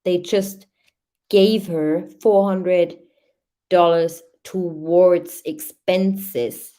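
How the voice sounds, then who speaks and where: Host type: unhurried woman with a lowish voice, reads records and muses aloud between them. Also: fairly even intonation, dark tone. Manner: reads timeline aloud with hesitant asides and fillers. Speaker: true crime channel host. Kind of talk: reading and commenting on case records.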